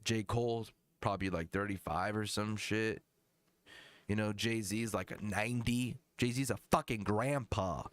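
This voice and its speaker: A man's voice: lowish voice, unhurried, dry recording. A man hosting a live music review stream, talking in a rambling, profane, casual way.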